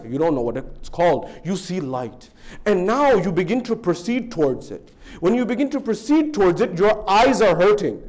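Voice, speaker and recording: Man preaching with sweeping dramatic rises. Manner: storytelling with sweeping rises and drops in pitch and volume; acts out dialogue in an excited raised voice. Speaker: speaker at a religious gathering. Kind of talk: sermon.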